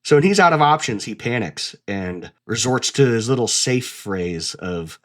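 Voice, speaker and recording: A man's voice: medium pitch, big pitch swings, normal speed, a bit bright. A man hosting a casual commentary video essay, talking bluntly and swearing freely.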